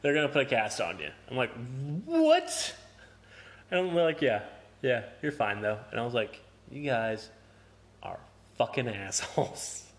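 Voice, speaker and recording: A man's voice: medium pitch, expressive, moderate pace, fairly bright tone. A young man casually telling a story in a podcast chat, swearing a lot, laughing and acting out quotes. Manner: profane, laughing, acts out quotes.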